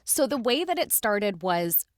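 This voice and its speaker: A woman's voice: mid-range voice, sing-song, measured pace, dry recording, studio quality. A woman in her thirties from Michigan with a Midwestern accent, a guest voice actor chatting casually and telling her story over a video call. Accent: Midwestern American. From Michigan, USA. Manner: chatty, storytelling with quoted asides. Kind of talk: casual interview chat.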